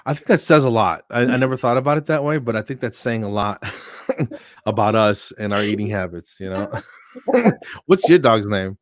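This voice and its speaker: A man's voice: lowish voice, normal speed, no room sound, studio quality. A man from New Jersey, a comedian guest, telling funny stories in casual chat and acting out what people said. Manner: animated anecdotes with acted-out quotes.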